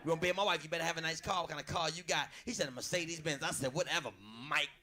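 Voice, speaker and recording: A man performing a crude stand-up comedy set, telling loud stories on a club stage. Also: fairly high pitch, fairly even intonation, very fast, noisy background.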